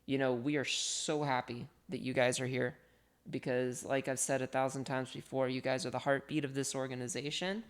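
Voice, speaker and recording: A woman with a notably low voice teaches on a live stream, chatty and playful. She switches easily between jokes and step-by-step technical explanation. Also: little pitch movement, moderate pace. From part Colombian, part Italian heritage. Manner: chatty, playful, reads chat aloud. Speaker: instructor. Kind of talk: live-streamed hacking walkthrough.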